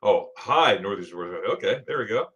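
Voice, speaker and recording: A middle-aged man from Florida runs a relaxed livestream, reading out viewer comments and greeting each person by name. His voice swings up and down with plenty of animation, and he laughs easily between his friendly remarks. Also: fairly low pitch, fairly quick, muffled recording. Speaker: livestream host. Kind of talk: casual live chat reading viewer comments.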